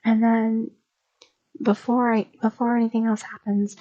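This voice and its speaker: A woman's voice: a little high, little pitch movement, a little slow, dark tone, highs cut off. A woman streamer chatting in a casual, rambling, gossipy way and spilling a story, recorded on a desk microphone. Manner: rambling, gossipy, lots of fillers.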